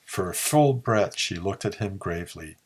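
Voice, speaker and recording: A man narrating a pulp story in a slow, measured reading. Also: low-pitched, expressive, breathy edge. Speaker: audiobook narrator.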